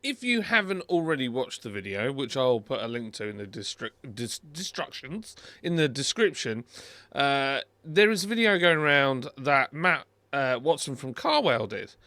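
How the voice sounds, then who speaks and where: A man's voice: mid-range voice, big pitch swings, normal speed, sharp tone, no echo. A middle-aged British man hosting a car video, chatting casually and wryly over a screen recording, with many fillers and restarts.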